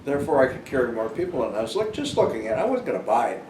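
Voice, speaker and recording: A man's voice: mid-range voice, sing-song, very fast, darkish tone. An older man telling a rambling personal story in a casual monologue, full of fillers and restarts. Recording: roomy and noisy, far from the mic.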